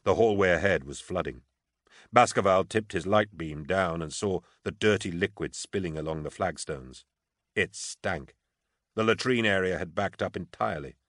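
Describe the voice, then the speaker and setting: Deep male narrator, measured, dry studio read. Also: a bit bright, no echo. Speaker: audiobook narrator. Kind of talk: scripted narration.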